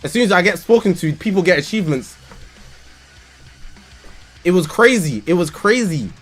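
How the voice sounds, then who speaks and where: High, lively young London streamer guy. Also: moderate pace, faint music behind. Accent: London English. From England. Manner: animated, slangy, breaks into loud laughter. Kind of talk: casual live-stream storytelling.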